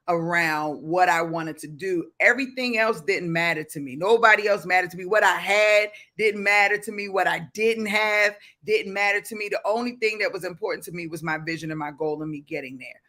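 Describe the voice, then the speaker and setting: Fired-up high-voiced Baltimore man. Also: moderate pace. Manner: fervent, bursts into shouting, reads viewer comments aloud. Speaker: livestream host. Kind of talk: motivational livestream talk.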